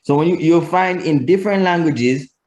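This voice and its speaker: A man's voice: a little high, normal speed, a little mellow. A man giving a spoken language lesson, explaining pronunciation step by step and modeling each sound aloud. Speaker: language teacher.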